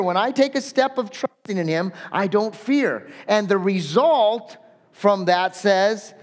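Male pastor, conversational sermon, high voice, long hall echo. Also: animated, normal speed. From Southern California. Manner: conversational, self-deprecating. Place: church. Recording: echoey hall.

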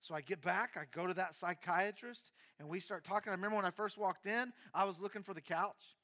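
Bright, high-voiced man pastor. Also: brisk. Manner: candid storytelling, mixing quiet and emphatic moments. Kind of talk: sermon testimony.

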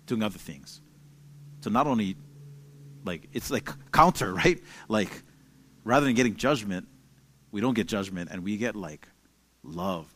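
A young man, a pastor giving a casual, conversational sermon and telling stories with plenty of "like" and "you know". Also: fairly low pitch. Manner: relaxed storytelling with many fillers.

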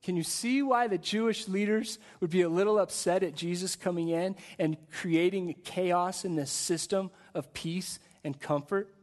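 A man preaching a sermon to a church service, in an energetic, conversational way with frequent repeated words. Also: sits high, moderate pace, few pauses. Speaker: guest pastor.

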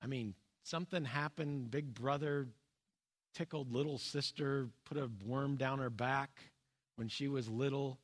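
A man preaching a sermon, earnest and plain-spoken, with pauses, restarts and his voice dropping low and soft on key points. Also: steady tone. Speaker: pastor.

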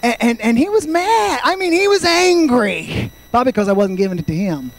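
High-voiced fervent preacher man in his fifties. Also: big pitch swings, moderate pace, rough recording. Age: 50s. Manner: fervent preaching, swings from loud shouts to quiet storytelling. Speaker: pastor. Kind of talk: sermon.

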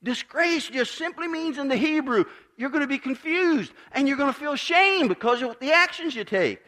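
A man preaching a sermon as pastor, building to emphatic swells and then dropping to quiet, measured lines. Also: very high-pitched, expressive.

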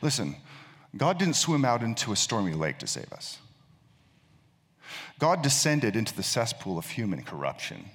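A man's voice: on the low side, huge pitch swings, moderate pace, pauses often, a bit bright. A male pastor preaching a sermon, telling a story and often repeating words as he thinks. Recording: long reverb of a large hall.

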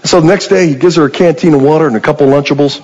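A man's voice: on the high side, rapid-fire, long reverb tail, dull audio, noisy background. A man preaching a sermon, retelling a story in a conversational way and asking the congregation rhetorical questions.

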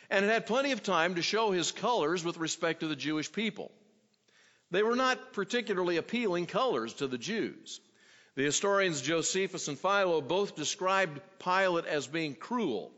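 A man preaching an expository sermon, teaching at a measured pace and acting out the quoted questions. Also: a little high, a bit bright. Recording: dull sound in a reverberant hall.

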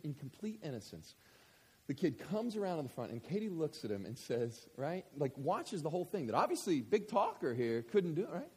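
A man in his thirties, a pastor telling a story in a sermon, going from hushed to shouting. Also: medium pitch, breathy edge, big-room sound. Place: church hall with audience.

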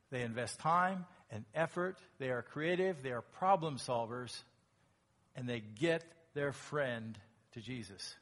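Animated male pastor preaching. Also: on the high side. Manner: animated, acts out quoted lines in a raised voice. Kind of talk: sermon.

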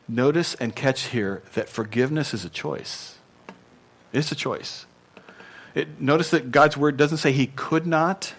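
A man preaching a sermon as a pastor, animated and emphatic, laughing often and acting out the lines he quotes. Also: mid-range voice.

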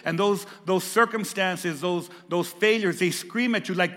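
A pastor preaching a sermon, swinging from raised, emphatic lines to hushed, soft ones. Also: male voice, high voice, moderate pace, in a large hall.

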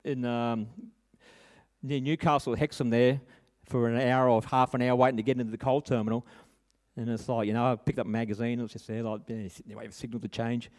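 A man's voice: medium pitch, little pitch movement, brisk, darkish tone. Earnest man preaching. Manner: earnest, conversational, with tag questions and restarts. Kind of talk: sermon with personal story.

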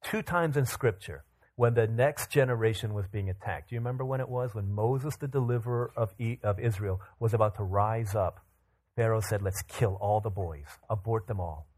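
A man in his thirties preaching a sermon, telling Bible stories with lively acted-out quotes. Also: mid-range voice, brisk. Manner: animated storytelling, acts out quotes in bursts. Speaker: pastor.

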